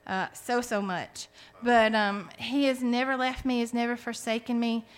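A woman's voice: a little high, steady tone, moderate pace, smooth. A woman in her forties giving a heartfelt personal faith testimony, telling her story earnestly with frequent restarts. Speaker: testimony speaker.

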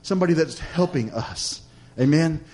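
A male pastor preaching a sermon, repeating phrases in a rhythmic cadence, asking "Amen?" of the congregation, swinging between loud emphatic lines and soft hushed ones. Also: fairly high pitch, expressive, normal speed. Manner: preacherly, repetitive cadence with call-and-response "Amen?".

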